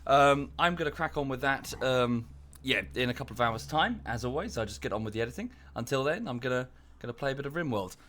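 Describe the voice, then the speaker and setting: Chatty man, bright voice. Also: medium pitch, lively intonation, fast talker, a little hiss or hum. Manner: chatty, rambling with many fillers. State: a bit out of breath. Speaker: streamer. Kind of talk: casual live-stream chat. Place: home room.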